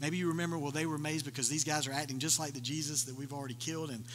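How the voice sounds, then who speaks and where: A high, bright-voiced man preaching a sermon, telling the story with lively, acted-out voices. His voice rings through a long reverberant church hall. A faint electrical hum sits under it. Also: racing. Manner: animated storytelling, acting out voices of the people in the story. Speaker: pastor.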